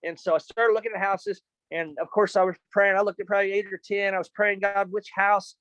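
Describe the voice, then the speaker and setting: A man telling a personal story in an animated, excitable way, often repeating words and calling people "man". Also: high voice, fast talker, no room sound, muffled recording. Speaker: storyteller giving a personal testimony.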